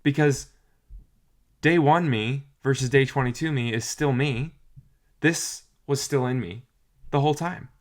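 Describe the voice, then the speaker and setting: A man's voice: medium pitch, measured pace, pauses often. A young adult man giving an earnest, encouraging talk to camera, often repeating phrases for emphasis. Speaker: motivational vlogger.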